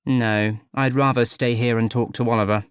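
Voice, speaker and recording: Guy doing a prim lady scientist, blunt and super literal, smooth clear voice, dead dry audiobook sound. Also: medium pitch, fairly even intonation, normal speed, no room sound, natural voice. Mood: dryly literal. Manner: literal, formal, unbothered. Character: pedantic blunt female scientist, middle-aged. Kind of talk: audiobook character voice.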